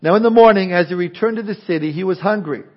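An older man preaching a sermon as pastor, in a lively conversational way with frequent restarts. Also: high voice, quick pace. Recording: dull lo-fi recording.

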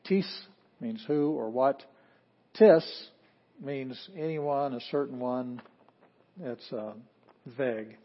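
A man teaching a classroom lesson, talking things through in an easygoing, plainspoken way and chuckling at his own asides. His voice sits in a middle pitch. The recording is a bit muffled and lo-fi. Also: takes it slowly. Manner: relaxed, chuckling, plainspoken, with fillers. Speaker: Greek teacher. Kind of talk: classroom lecture.

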